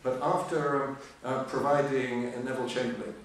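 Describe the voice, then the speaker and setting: A man's voice: medium pitch, flat delivery, normal speed. An older man giving a history lecture, full of ums and uhs, with dry humour. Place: lecture hall. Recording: echoey hall, voice from far off, faint hiss.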